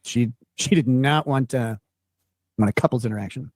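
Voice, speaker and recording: A man from Minnesota tells a casual anecdote, rambling and halting with lots of fillers. His voice sits at an ordinary pitch. The sound is dry and close. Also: darkish tone, dry recording. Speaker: streamer telling an anecdote. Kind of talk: casual storytelling.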